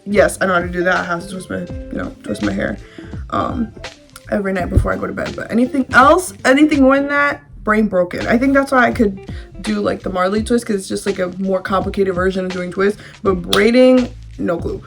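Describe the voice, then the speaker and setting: A woman's voice: medium pitch, brisk, vocal fry, faint music behind. A young woman, telling a personal story to the camera in a candid, chatty way, with filler words and casual swearing. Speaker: vlogger.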